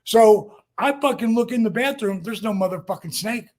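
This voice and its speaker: High-voiced older man telling wild stories. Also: lively intonation, moderate pace, darkish tone. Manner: profane, acts out quotes, lots of fillers. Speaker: guest. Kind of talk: animated storytelling.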